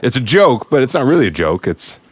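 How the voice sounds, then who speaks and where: A man's voice: medium pitch, sing-song, fairly quick, husky, no room sound. A man co-hosting a podcast, casually breaking down a film's scenes, laughing often and padding his points with "like". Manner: analytical, laughs often, hedges with "like". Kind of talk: casual film discussion.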